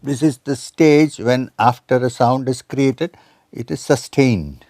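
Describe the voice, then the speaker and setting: A man's voice: mid-range voice, takes it slowly, a little mellow, no room sound. Lecturing man in his seventies. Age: 70s. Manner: quotes scripture and Sanskrit, asks the audience questions. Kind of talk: spiritual lecture.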